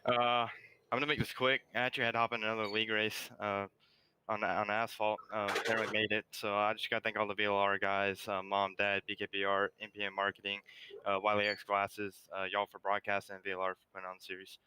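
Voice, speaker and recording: Fast-talking, deep, clear-voiced race winner. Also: male voice, completely flat delivery, pushed and bright, rough recording. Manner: quick, pleased, casual. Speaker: sim racing driver, race winner. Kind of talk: post-race interview.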